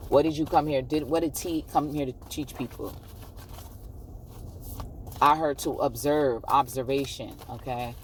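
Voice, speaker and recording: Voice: medium pitch, fairly even intonation, unhurried, pauses often, distant mic, a little hiss or hum. A tarot card reader giving a casual, encouraging pick-a-card reading to viewers, often checking in with "okay?".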